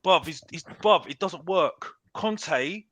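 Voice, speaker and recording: Man, ranting football pundit, sharp bright tone, dry sound. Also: high-pitched, takes it slowly, no room sound. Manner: ranting, repeats "bruv" constantly. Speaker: panelist on a football talk show. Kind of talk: heated football debate.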